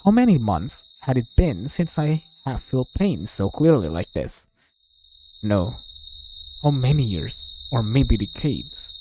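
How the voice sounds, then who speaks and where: A man streaming a visual novel, reading its lines aloud slowly and voicing the characters in turn. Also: medium pitch, slight background noise. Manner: slow, expressive reading, voicing several characters. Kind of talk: dramatic read-aloud of game text.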